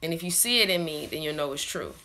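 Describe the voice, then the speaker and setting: Fast-talking, deep-voiced and bright with a forceful edge, this young woman vlogger chats to camera with lively intonation. She tells loose, rambling stories to her followers, cursing freely and laughing a lot.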